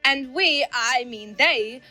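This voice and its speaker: A woman's voice: high-pitched, slow, sharp tone, voice pushed up, full character voice. A woman playing a boastful older Italian mafia grandmother in a satirical news sketch, with a put-on Italian accent and a shifty, backpedalling manner. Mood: evasive.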